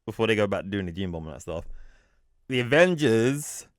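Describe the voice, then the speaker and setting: Low, smooth-voiced man recapping comics. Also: big pitch swings, normal speed, dry recording, clean studio sound. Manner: rambling, self-correcting, acts out quotes in a low mutter. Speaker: podcast co-host. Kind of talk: casual chat recapping a comic storyline.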